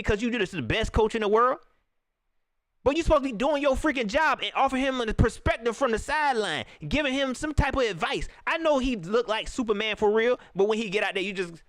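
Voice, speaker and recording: A man hosting a live reaction stream, ranting in an animated way and talking straight to his viewers. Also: extremely high pitch, brisk, no room sound, studio quality.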